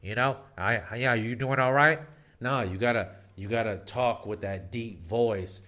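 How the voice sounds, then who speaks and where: A man talks straight to camera, handing out dating advice in a loose, unscripted way. He is emphatic but keeps circling back and restarting his sentences. His pitch sits in a middle range. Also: a little slow, pushed and bright. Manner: rambling and emphatic, frequent fillers and restarts. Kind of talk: casual advice monologue.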